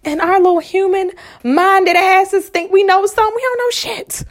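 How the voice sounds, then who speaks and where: A woman's voice: very high voice, normal speed. Frank, profane woman giving life advice. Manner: frank, animated, profane storytelling; drops into hushed whispers. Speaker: vlogger and spiritual speaker. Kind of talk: casual motivational talk.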